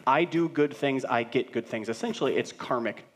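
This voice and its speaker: A man's voice: mid-range voice, normal speed. A man in his thirties, a pastor, preaching a sermon in a conversational way and acting out quoted voices.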